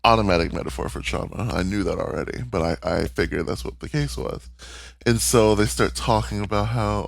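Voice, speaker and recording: Candid, emotional man with a low voice. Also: brisk, creaky. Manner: candid, emotional, swears casually. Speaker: podcast co-host. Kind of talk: casual chat recapping a cartoon.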